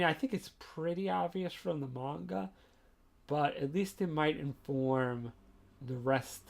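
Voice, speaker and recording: Podcast guy rambling through a manga recap, kinda gravelly, lots of "like". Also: mid-range voice. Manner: chatty, rambling, with frequent "like" and "you know". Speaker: podcast host reviewing a manga chapter. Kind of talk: casual recap and commentary.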